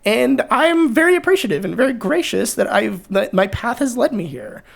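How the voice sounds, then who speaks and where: A woman's voice: fairly high pitch, very animated, normal speed, vocal fry. A young adult woman hosting a podcast, chatting casually and emphatically, swearing freely. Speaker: podcast host. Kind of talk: casual chat.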